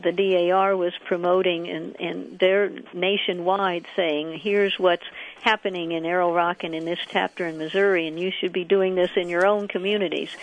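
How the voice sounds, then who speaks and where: Gravelly woman in a radio interview. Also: fairly low pitch. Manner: hesitant, many ums and restarts, laughs easily. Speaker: local preservation group representative. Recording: lo-fi radio audio.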